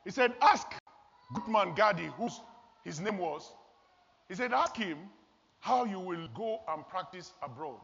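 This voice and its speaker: A man's voice: high voice, big pitch swings, a little slow, a bit bright, breathy edge. A man from Nigeria, preaching a sermon in an earnest, storytelling way. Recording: long hall reverb, dull lo-fi sound.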